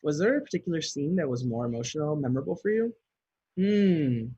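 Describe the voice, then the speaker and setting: A man's voice: on the high side, animated, brisk, warm tone, breathy edge, no echo, dull audio. A man answering fan questions in a casual video, chatty and giggly, reading each question aloud and then rambling through his answer.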